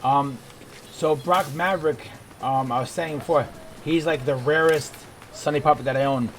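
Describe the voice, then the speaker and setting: Man, casual gameplay commentary, rambling, halting, slightly high voice, noisy background. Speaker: gaming video creator. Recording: background noise.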